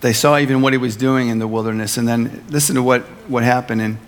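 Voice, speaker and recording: A male pastor giving a sermon, earnest and emphatic, slowing down on key phrases and slipping in playful asides. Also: mid-range voice, fairly even intonation, long reverb tail.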